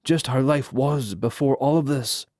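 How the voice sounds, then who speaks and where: A man voicing a weary, wounded young king in a subdued, measured way. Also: medium pitch, a little mellow, dry recording, clean studio sound, natural voice. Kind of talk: audiobook character voice.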